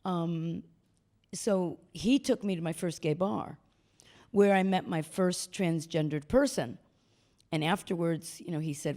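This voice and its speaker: Older woman telling lively stories. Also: on the low side, a little slow. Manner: animated storyteller acting out quoted voices. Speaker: guest speaker. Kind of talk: storytelling talk. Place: stage talk before an audience.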